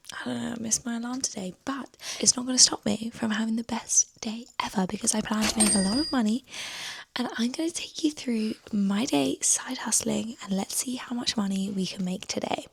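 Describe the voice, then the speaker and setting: Chatty woman with heavy vocal fry. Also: a little high, background noise. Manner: chatty, upbeat. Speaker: vlogger. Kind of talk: casual vlog chat. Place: her bedroom.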